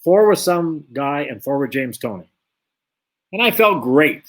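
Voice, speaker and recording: Guy spinning a story in an interview, bit higher voice, plays both sides. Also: unhurried. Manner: lively anecdote-telling, acts out both sides of the dialogue. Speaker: former boxer, guest.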